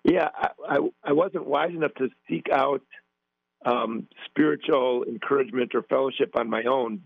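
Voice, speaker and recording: A male guest on a tinny phone line, his voice gravelly with fry. He speaks earnestly but hesitantly, with plenty of fillers. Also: mid-range voice, moderate pace, no echo. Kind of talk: conversational interview.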